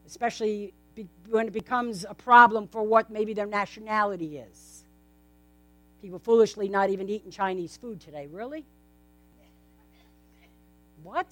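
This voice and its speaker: Woman preacher, chatty sermon, rhetorical questions, slightly high voice. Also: fairly bright tone, dry recording. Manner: conversational, asks the congregation many rhetorical questions. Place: in front of a gathered congregation.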